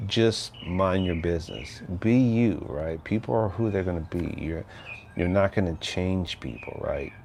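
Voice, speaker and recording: A man's voice: low-pitched, a little slow, gravelly, a little mellow, a little hiss or hum. An older man from Texas, hosting a casual livestream chat in a rambling, laid-back way that keeps tagging on "right?", outdoors near his house. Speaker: livestream host.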